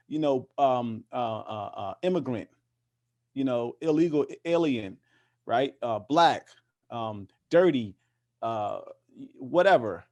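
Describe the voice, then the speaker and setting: A man's voice: mid-range voice, darkish tone. Passionate man with many restarts. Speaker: interview guest, activist. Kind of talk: casual conversational interview.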